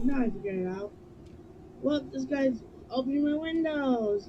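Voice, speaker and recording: A woman's voice: high-pitched, expressive, normal speed, very noisy. A woman streaming a video game live, chatting casually and breaking into nervous, jumpy exclamations.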